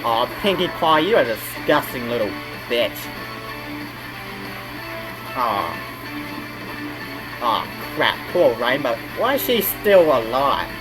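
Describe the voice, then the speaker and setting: A man's voice: medium pitch, big pitch swings, slow, pauses often, over music, poor audio. An Australian man hosting a reaction video, groaning and exclaiming in outrage at what he watches. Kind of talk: casual reaction commentary.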